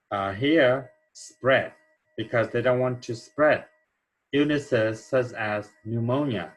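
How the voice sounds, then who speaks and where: Slow, husky-voiced male English teacher. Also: lowish voice, low-quality recording. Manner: slow, explanatory, checks in with "okay?". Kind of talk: grammar lesson walkthrough.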